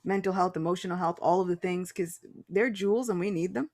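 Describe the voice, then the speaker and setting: A woman in casual spiritual conversation as a podcast guest, animated and laughing often, restarting her phrases. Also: on the low side, brisk.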